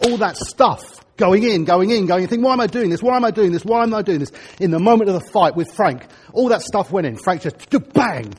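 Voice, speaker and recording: A middle-aged man preaching a sermon, telling stories in an animated way with sudden loud bursts. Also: sits high, slightly rough.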